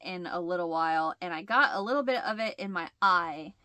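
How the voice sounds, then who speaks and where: Woman, chatty vlog host, stuffed-up nasal sound, bright tone, dry close sound, rambling, laughs often. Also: fairly low pitch, fairly quick, no echo. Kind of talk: casual chat.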